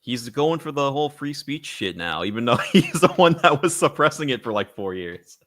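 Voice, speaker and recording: A young man co-hosting a comedy podcast, offhand and quick to laugh. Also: mid-range voice, big pitch swings, a bit bright. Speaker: podcast co-host. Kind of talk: casual comedy chat.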